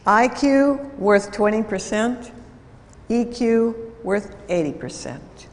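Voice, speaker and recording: A woman giving an instructive talk at a church, measured and deliberate, illustrating points with stories. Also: fairly high pitch, expressive, long reverb tail. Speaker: speaker at a church program. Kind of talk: lecture-style talk with anecdotes.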